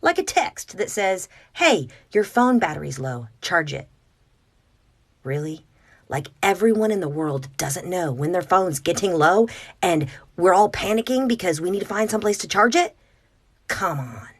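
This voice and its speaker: Sarcastic woman with lively pitch. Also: normal speed, husky, no room sound. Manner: sarcastic, exasperated, dips into whispers. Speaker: parent giving advice. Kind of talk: direct-to-camera opinion monologue.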